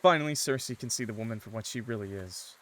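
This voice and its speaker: A man streaming a visual novel, reading its narration and reacting excitably in casual commentary, swearing and laughing loudly. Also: mid-range voice, quick pace.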